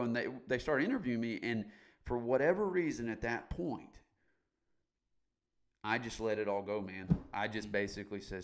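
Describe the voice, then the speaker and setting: A middle-aged man as a podcast guest, candidly telling his story in a blunt, emphatic way and swearing casually. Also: medium pitch.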